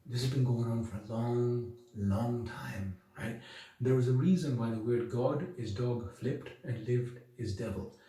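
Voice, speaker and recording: Speaking from a very echoey room, with the mic placed at a distance, a male video blogger lectures his audience straight to camera. He's emphatic and sermonizing, throwing out one rhetorical question after another, in a warm, medium-pitched voice at a slightly slow pace.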